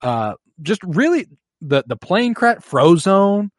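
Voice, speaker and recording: A man's voice: high voice, very animated, takes it slowly. A young man co-hosting a casual movie chat, laid-back and offhand, swearing casually. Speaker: podcast co-host.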